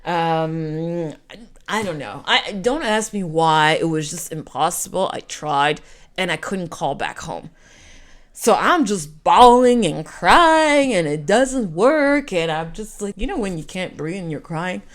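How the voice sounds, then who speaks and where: A woman's voice: on the low side, measured pace. A woman, telling a rambling personal story in a casual vlog. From Quebec. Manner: animated, rambling, self-interrupting. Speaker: storyteller vlogger.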